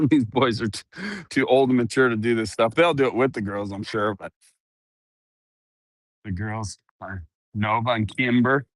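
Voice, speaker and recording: A man's voice: mid-range voice, normal speed, long pauses, no echo, clean studio sound. A middle-aged man chatting casually through an earbud mic while walking around his ranch outdoors, laughing often and cooing at his dogs. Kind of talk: casual walk-around vlog.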